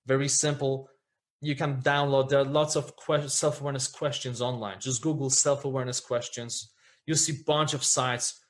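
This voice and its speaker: A man's voice: mid-range voice, flat delivery, normal speed. A man speaking as a podcast guest, earnest and reflective, often checking in with "right?" as he talks. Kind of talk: candid podcast conversation.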